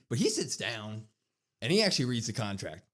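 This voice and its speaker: A man co-hosting a wrestling podcast recaps an episode in casual chat, using a mid-range voice at normal speed. He's animated and acts out the quotes in a raised voice.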